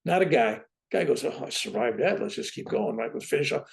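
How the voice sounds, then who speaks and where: A man in his seventies, a guest on a talk show, telling his own story in a lively way and often asking "right?". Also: medium pitch, fairly quick, creaky. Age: 70s. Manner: lively, keeps tagging "right?" onto his points. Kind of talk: animated personal storytelling.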